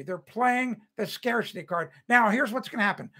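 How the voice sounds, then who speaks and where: High-voiced older man ranting. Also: normal speed, few pauses, pushed and bright, rough recording. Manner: angry, ranting, repeats phrases, addresses viewers by name. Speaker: host of a home-building show. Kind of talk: livestream rant and reading chat comments.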